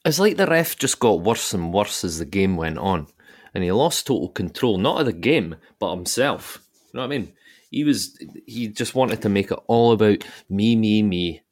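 A Scottish man talks football in casual podcast chat. His voice sits on the low side, and he is blunt, sweary and given to repeating himself. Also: lively intonation, normal speed, darkish tone. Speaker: podcast co-host.

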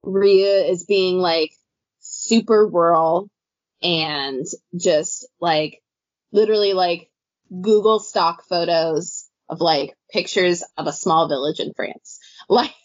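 A woman co-hosting a casual book podcast, rambling with many fillers and quick laughs. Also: on the low side, no echo. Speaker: podcast co-host. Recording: dull dry lo-fi audio.

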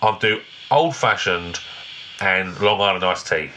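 Quick, sweary man ranting. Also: deep voice, bright, forceful tone, a little hiss or hum. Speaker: podcast co-host. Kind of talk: casual chat.

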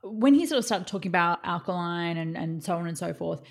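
Low-voiced scoffing woman. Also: expressive. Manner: exasperated, scoffing, quick asides. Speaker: podcast co-host. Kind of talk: casual critical chat.

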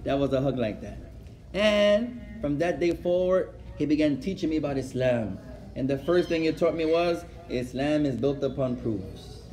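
A man giving a religious lecture, telling a story lively and acting out conversations, often adding Arabic phrases and laughing as he goes. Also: on the high side, moderate pace. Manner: animated, acts out dialogue, code-switches with Arabic phrases; laughs while telling stories. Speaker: Islamic teacher.

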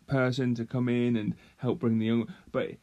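A man co-hosting a podcast, speaking thoughtfully and haltingly in casual chat. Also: medium pitch, flat delivery, warm tone, lo-fi sound. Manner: thoughtful, halting, restarts a lot. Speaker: podcast co-host.

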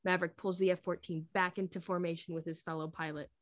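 A woman's voice: fairly low pitch, level tone, fast talker, hardly any pauses, dry recording, clean studio sound. A woman co-hosting a podcast, reading fanfiction aloud in a casual way with laughing asides.

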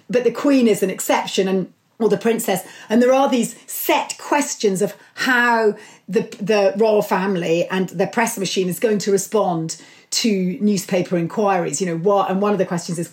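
An enthusiastic woman author speaks as an interview guest, telling stories with lively energy. Her voice sits at an ordinary pitch for a woman. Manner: enthusiastic, animated storytelling. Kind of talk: conversational interview.

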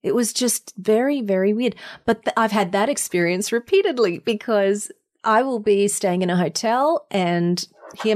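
A woman with an Australian accent, a voiceover artist and singer, telling a story as a guest in an interview, animated and laughing as she acts out quotes. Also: medium pitch. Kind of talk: conversational storytelling.

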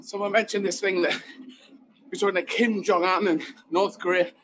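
A man, a comedian, talking in an animated, emphatic way with rambling asides during an interview, apparently while out running. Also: high-pitched, moderate pace, a little hiss or hum, poor audio. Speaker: guest comedian. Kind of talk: conversational interview.

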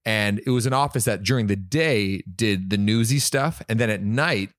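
Relaxed man reminiscing. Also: on the low side, moderate pace, no echo, studio quality. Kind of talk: casual chat.

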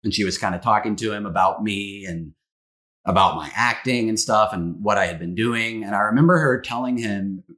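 A man's voice: fairly low pitch, moderate pace, a bit bright. A man in his thirties, a former child actor from the American South, casually and earnestly reminiscing as a podcast guest. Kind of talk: casual storytelling.

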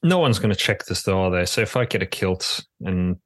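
Brief: low-voiced male podcast co-host, hesitant and chatty, dry close sound. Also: expressive, brisk, husky, no echo. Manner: hesitant, many fillers, laughs often. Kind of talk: casual chat.

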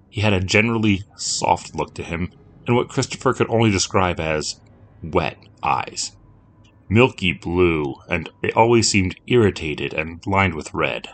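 A man reading a scripted story as narrator, in a measured, steady telling. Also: low-pitched, slight background noise.

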